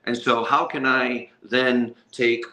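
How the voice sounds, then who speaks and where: A man's voice: mid-range voice, little pitch movement, takes it slowly, pushed and bright, roomy sound. A man leading a nonprofit, answering a panel question earnestly and reflectively. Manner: earnest, reflective, thinks aloud with restarts.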